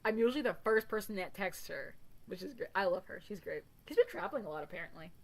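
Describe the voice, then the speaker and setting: A woman's voice: medium pitch, sing-song, quick pace, low-quality recording. Rambling, swearing young woman storyteller. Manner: rambling storyteller, swears freely, laughs a lot. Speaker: podcast host. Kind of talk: casual chat.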